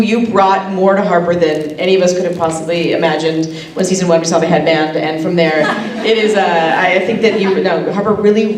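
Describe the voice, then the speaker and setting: A woman moderating a fan convention panel, asking earnest, halting questions. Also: fairly low pitch, darkish tone, recorded from a distance. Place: convention hall. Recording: echoey hall, picked up from afar.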